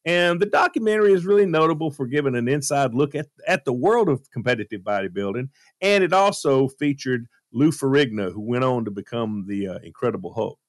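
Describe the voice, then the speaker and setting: A male radio host telling a story in a casual, animated way, with plenty of fillers. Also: medium pitch, fairly quick, few pauses, no echo, studio quality. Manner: lively, animated retelling with fillers.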